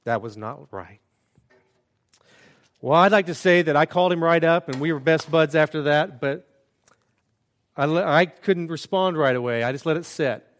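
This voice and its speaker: A man preaching a sermon as a pastor, earnest and conversational, with self-deprecating asides. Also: fairly high pitch.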